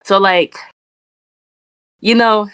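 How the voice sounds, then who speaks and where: A woman's voice: medium pitch, steady tone, drawn-out words, fairly bright tone, clean tone, dry recording. Chatty young woman co-hosting a podcast. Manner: rambling, chatty, frequent "like" and "you know". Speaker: podcast co-host. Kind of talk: casual chat.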